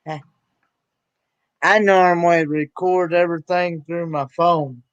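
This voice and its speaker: A man's voice: on the high side, fairly even intonation, clean tone, no room sound. A man in a casual chat, talking hesitantly with many restarts. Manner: hesitant, unsure, slow. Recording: dull dry lo-fi sound.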